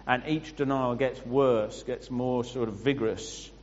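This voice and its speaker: A man preaching a sermon, explaining scripture with pauses and restarts. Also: medium pitch, steady tone, a little mellow, a little hiss or hum. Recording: muffled sound with long hall reverb.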